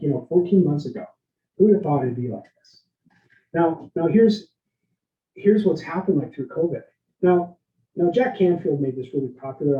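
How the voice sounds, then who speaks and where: A man giving a leadership workshop, energetic and interactive, often asking his listeners questions and tagging lines with "right?". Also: a little high. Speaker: leadership speaker. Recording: roomy, dull lo-fi sound.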